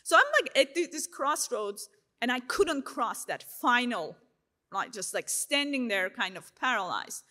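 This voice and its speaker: A woman from Turkey, giving a faith testimony to a live audience in a lively storytelling way, full of "you know" and "like". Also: a little high, a little slow. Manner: lively storytelling, voices her own past thoughts in asides; frequent fillers like "you know" and "like". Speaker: speaker sharing her faith testimony. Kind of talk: conference talk to a live audience.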